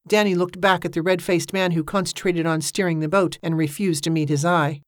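In clean studio audio without any echo, a woman reads an audiobook aloud. Her voice sits on the low side, and her storytelling delivery is even and measured.

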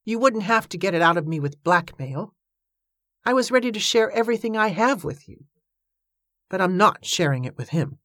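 Give me a bitter, heartbroken man speaking softly, as a woman narrator puts him on. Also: mid-range voice, lively intonation, normal speed, no room sound, clean studio sound. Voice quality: soft, sad and accusing.

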